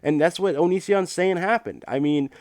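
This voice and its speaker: Male streamer host, higher voice, dry close sound, profane rambling rants. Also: darkish tone, no echo. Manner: profane, rambling, fast-talking rant. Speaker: livestream host. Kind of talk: casual livestream chat.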